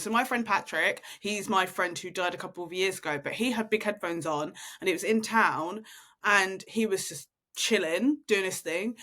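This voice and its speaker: Candid young woman podcaster. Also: medium pitch. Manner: candid, animated anecdotes, reads notes aloud. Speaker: podcast co-host. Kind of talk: casual chat.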